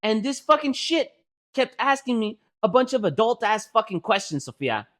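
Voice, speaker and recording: A young man co-hosting a casual podcast, telling stories with a lot of swearing and rising to loud, laughing outbursts. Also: high voice, big pitch swings, moderate pace. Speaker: podcast co-host. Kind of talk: casual storytelling chat.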